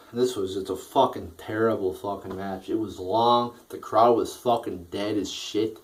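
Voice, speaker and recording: A man's voice: lowish voice, far from the mic, low-quality recording. A sleepy man ranting casually and profanely as a wrestling show reviewer, rambling with restarts and yawning.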